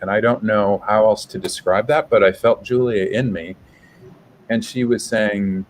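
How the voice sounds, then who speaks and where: Low-voiced man telling a personal story. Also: steady tone, slight background noise, rough recording. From United States. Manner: reflective, halting, with soft restarts. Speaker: guest, public health professor.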